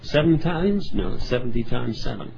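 A male preacher works through scripture, stressing key words and circling back to repeat his points. His voice sits at an ordinary middle pitch. The recording is a little dull, with a faint hiss underneath. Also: animated, moderate pace, vocal fry, a little mellow. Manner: earnest, emphatic scripture reading with many asides. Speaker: pastor. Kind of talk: sermon. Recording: slightly dull sound with faint background noise.

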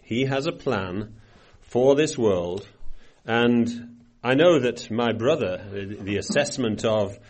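A man's voice: medium pitch, animated, slow pace, darkish tone. Older man preaching through scripture. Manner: reads scripture aloud with rising emphasis, then comments conversationally with restarts. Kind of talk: Bible study sermon.

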